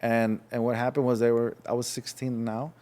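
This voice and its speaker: A young man from Los Angeles, a podcast guest telling his story in a frank, halting way, acting out voices as he goes. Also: mid-range voice, level tone, a little mellow. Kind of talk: casual storytelling.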